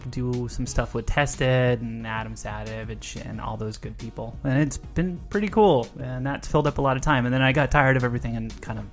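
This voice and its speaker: Laughing, rambling podcast guest. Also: female voice, very deep voice, a little fast, few pauses, faint music behind. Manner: rambling, laughs often, trails off. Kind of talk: casual chat.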